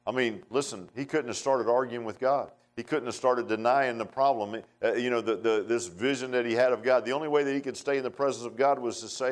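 A man preaches a sermon in a folksy, conversational way, swinging from emphatic outbursts to hushed asides. His voice is mid-range and fairly quick.

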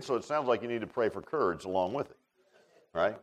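A man's voice: medium pitch, big pitch swings, fast talker, fairly bright tone. A man preaching a sermon as pastor, in a folksy, conversational way, repeating phrases and calling people "man".

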